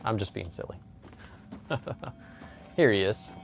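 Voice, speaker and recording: Low-voiced man joking through a game. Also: takes it slowly, creaky, a little hiss or hum. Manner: relaxed, joking, with frequent filler "uh". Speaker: let's play host. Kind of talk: casual gameplay commentary. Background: game music.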